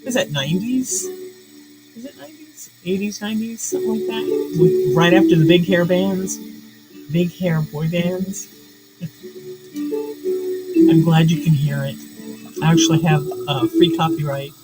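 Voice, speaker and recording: A woman's voice: fairly low pitch, measured pace, long pauses, poor audio. A woman from New York chatting casually and rambling as host of a livestream, with frequent fillers. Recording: loud music playing under the voice. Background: loud relaxing background music.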